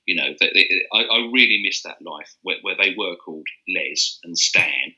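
A man's voice: sits low, lively intonation, moderate pace, bright, forceful tone, lo-fi sound. An older man, a copywriter telling rambling anecdotes with restarts in a casual interview. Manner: rambling storyteller with restarts and chuckles. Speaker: interview guest, advertising copywriter.

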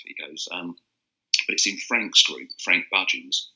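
A man's voice: low voice, expressive, normal speed, sharp tone, highs cut off. An older man, a copywriter telling rambling anecdotes with restarts in a casual interview. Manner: rambling storyteller with restarts and chuckles. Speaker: interview guest, advertising copywriter.

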